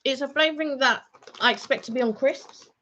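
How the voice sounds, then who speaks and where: A woman's voice: high-pitched, fairly quick, sharp tone, slight background noise. A woman co-hosting a casual live-stream vlog chat, rambling and chatty with plenty of ums and restarts. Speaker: vlog co-host. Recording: dull lo-fi home stream audio.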